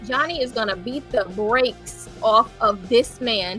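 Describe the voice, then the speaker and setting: A woman co-hosting a casual wrestling prediction show, emphatic and animated. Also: on the high side, a little slow, few pauses, faint music behind. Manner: emphatic, animated, does silly voices. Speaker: podcast co-host.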